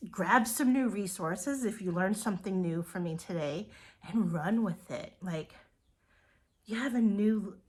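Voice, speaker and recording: An earnest woman in her forties gives a motivational talk to her direct sales team. She sounds emotional and gushing, and she drops to breathy whispers for emphasis. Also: medium pitch.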